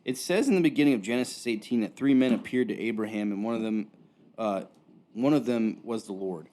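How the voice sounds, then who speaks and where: Low-voiced man reading listener questions. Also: a little fast, mellow. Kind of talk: casual faith chat.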